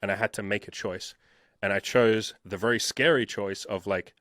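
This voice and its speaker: A man in his thirties recounts his past in a casual interview. He talks emphatically and swears often. His voice sits a little low and sounds dry, close to the mic. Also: fairly even intonation, normal speed, fairly bright tone, no room sound. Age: 30s. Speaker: guest.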